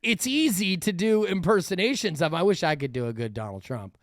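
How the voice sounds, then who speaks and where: Animated rambling male podcast host. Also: high voice, fairly quick, dry recording, studio quality. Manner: animated, rambling, frequent restarts and fillers. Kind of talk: casual podcast chat.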